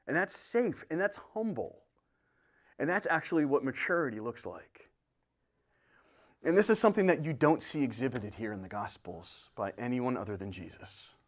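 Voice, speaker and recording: A man preaching a sermon as pastor, swinging from loud bursts to hushed whispers. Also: mid-range voice, animated, moderate pace. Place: church sanctuary.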